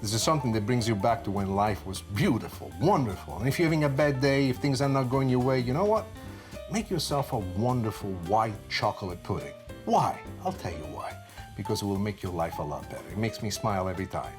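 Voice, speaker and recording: A man's voice: lowish voice, expressive, quick pace. A man in his sixties with an Italian accent, demonstrating a dessert recipe in a chatty way and explaining each step with his own asides. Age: 60s. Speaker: cooking instructor. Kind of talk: cooking demonstration. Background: music.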